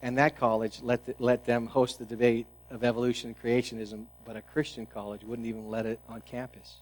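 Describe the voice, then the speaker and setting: A man's voice: mid-range voice, little pitch movement, brisk, poor audio. Earnest man preaching a sermon. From New England, United States. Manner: earnest preaching with restarts and sudden drops to a hushed tone. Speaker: pastor.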